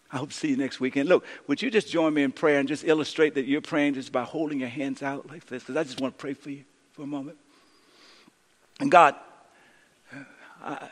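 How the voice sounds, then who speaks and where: A man preaching a sermon as pastor, swinging from loud, urgent lines to hushed, slow ones. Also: sits high, long reverb tail.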